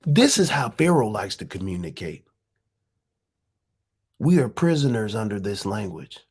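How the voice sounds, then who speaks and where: A woman's voice: very deep voice, big pitch swings, unhurried, darkish tone, husky. A woman hosting a live stream, talking casually and firing off profane rhetorical questions.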